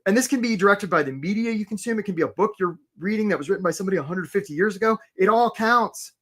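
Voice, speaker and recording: A man hosting a live career webinar. He talks with energy, keeps asking "right?" and gives quick shout-outs to viewers. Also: high voice, expressive. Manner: acts out voices for stories, playful.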